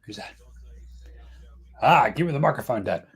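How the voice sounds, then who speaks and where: A man's voice: mid-range voice, animated, moderate pace, vocal fry, breathy edge. Joking Australian man hosting a live stream. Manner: joking, chatty, talks to his baby. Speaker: host. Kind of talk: casual live stream game chat.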